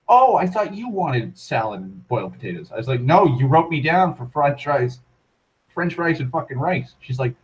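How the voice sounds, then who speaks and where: A man's voice: mid-range voice, poor audio. A man in the middle of an irritated, profanity-laced rant, complaining about a restaurant meal and playing every character in the story himself. His voice sits in an ordinary middle range, and his delivery is casual and heated. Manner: exasperated, swears constantly, acts out dialogue. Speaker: vlogger.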